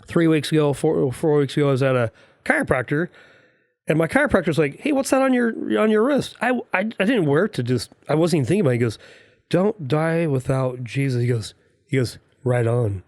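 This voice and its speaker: A man's voice: on the high side, a little fast, dry recording. Man hosting a podcast, dry sound. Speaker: podcast host. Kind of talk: casual chat.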